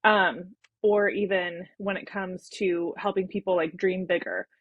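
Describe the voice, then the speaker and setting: A woman's voice: lowish voice, steady tone, unhurried, breathy edge, dry recording, phone-quality sound. A woman, a brand coach and guest, talking in a casual, thoughtful and enthusiastic way with many "um"s and "like"s. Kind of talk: casual interview talk.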